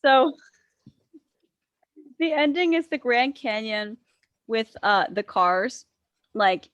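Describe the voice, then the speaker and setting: A woman chatting casually on a podcast panel, giggling often, teasing the others and pitching ideas eagerly. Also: lively intonation, takes it slowly, a bit bright, no room sound, highs cut off. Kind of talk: casual chat.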